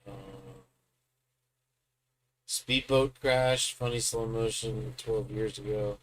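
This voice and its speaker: Slow, rambling livestream host man. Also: on the low side, slight background noise, low-quality recording. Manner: rambling, relaxed, talks to chat. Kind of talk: casual livestream chat.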